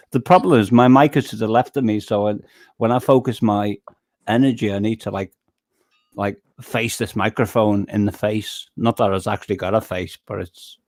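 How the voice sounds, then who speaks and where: A man's voice: lowish voice, a little mellow. A man hosting a casual livestream chat, rambling and self-deprecating, joking about himself as he goes. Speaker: livestream host.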